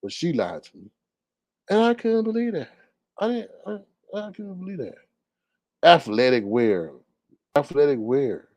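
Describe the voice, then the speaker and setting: An indignant caller on a live talk stream launches into an animated, casual rant, loud and drawling, lurching from outbursts to mutters. His high voice swoops wildly in pitch at a moderate pace, broken by long pauses. There's no room sound, just a dry, close voice.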